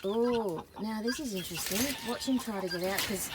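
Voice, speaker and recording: A woman's voice: mid-range voice, moderate pace, noisy background. A woman chatting casually to camera outside a backyard chicken coop. She rambles and sometimes coos sweetly at the animal. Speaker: vlogger, backyard chicken keeper. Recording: loud clucking chickens and clicks outdoors.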